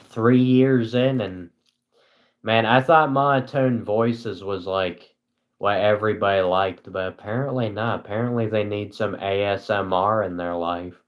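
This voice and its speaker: A young man hosting a casual live stream, talking to his chat in a flat, dry, self-mocking monotone. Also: on the low side.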